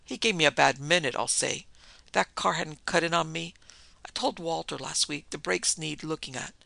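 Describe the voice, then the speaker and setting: A man's voice: fairly high pitch, moderate pace, gravelly, sharp tone, no room sound, exaggerated voice. A man reading a brusque, commanding rich husband. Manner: abrupt, commanding.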